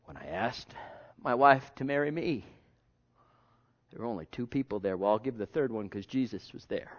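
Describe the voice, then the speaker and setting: A male pastor preaching a sermon in a conversational way, repeating himself and jumping from hushed asides to loud bursts. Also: mid-range voice, normal speed, vocal fry. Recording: dull lo-fi sermon recording.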